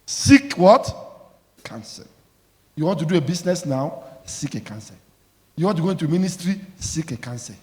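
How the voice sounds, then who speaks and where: High-voiced pastor preaching. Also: male voice, expressive, fast, dark tone. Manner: call-and-response preaching, emphatic, scolding. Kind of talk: sermon. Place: church. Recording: echoey church hall.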